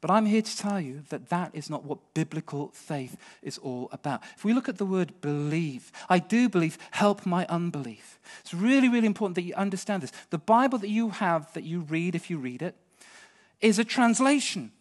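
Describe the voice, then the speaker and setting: A middle-aged British man preaching a sermon, swinging between hushed storytelling and impassioned pleading. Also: high-pitched, animated, fairly quick.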